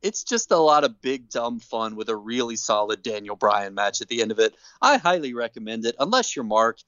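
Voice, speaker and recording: A man's voice: medium pitch, big pitch swings, fairly quick, bright, forceful tone, no echo, muffled recording. A man co-hosting a podcast, telling a show's story in an enthusiastic, jokey way. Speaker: podcast co-host. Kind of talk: casual chat, recapping a show.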